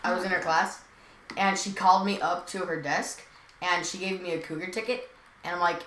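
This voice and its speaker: Rambling teen girl, bright voice, echoey room. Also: on the low side, brisk. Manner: rambling, full of fillers and silly asides. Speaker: podcast co-host. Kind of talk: casual chat. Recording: echoey room with faint noise.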